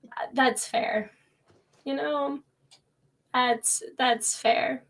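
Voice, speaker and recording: A woman playing a tabletop game, speaking slowly with stammers and fond asides. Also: high voice, fairly even intonation, vocal fry, fairly bright tone. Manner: slow, stammering, fond talk to the dogs. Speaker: player.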